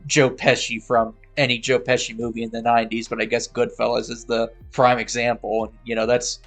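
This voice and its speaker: A man's voice: medium pitch, little pitch movement, fairly quick, faint music behind. A man co-hosting a casual anime review podcast, talking about video games and often laughing as he speaks. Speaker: podcast co-host. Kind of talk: casual chat.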